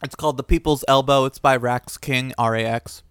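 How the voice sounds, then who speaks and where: A young man co-hosting a podcast, chatting in a relaxed, easygoing way. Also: mid-range voice, normal speed, clear, resonant tone, dry recording. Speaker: podcast co-host. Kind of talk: casual chat.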